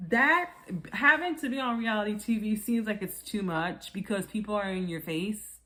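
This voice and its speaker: Woman vlogger, casual TV review, mid-range voice, playful, jumps into high-pitched quoted voices. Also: moderate pace, pushed and bright. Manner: frequent laughter. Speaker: reality TV reviewer. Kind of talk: casual commentary.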